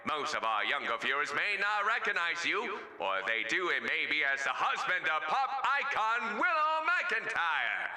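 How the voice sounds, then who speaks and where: Guy doing a cheesy music tv host, loud announcer voice, bright. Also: a little high, huge pitch swings, moderate pace, hardly any pauses, reverberant, in a large hall, heavily acted. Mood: showy. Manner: loud, showy announcer delivery. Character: over-the-top male TV music show host.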